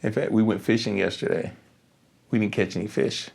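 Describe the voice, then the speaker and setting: A middle-aged man hosting a podcast interview, an animated storyteller who laughs often and repeats his words as he talks. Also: lowish voice, a little fast, vocal fry, husky. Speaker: podcast host. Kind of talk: casual interview chat.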